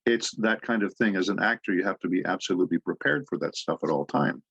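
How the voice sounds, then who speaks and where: Brief: lower-pitched man, panel guest, jokey anecdotes, dull dry recording. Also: fast, a bit bright, breathy edge, no echo. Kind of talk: convention panel talk. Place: convention panel room.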